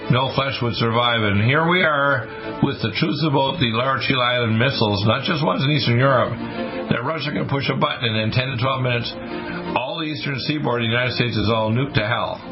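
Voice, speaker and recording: A man's voice: mid-range voice, brisk, music in the background. A male radio talk show host giving a rambling, intense, preachy monologue about the end times. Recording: muffled lo-fi radio broadcast.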